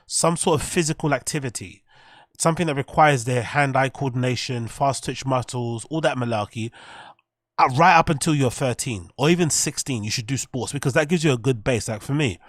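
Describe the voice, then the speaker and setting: A man's voice: medium pitch, brisk, no echo, studio quality. A man hosting a livestream, rambling and swearing casually as he talks to his viewers. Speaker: streamer host.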